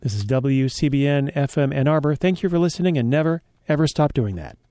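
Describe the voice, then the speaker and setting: A man's voice: fairly high pitch, lively intonation, fairly quick, dark tone. A man hosting a college radio show, chatting casually with loose, joking asides from a studio mic.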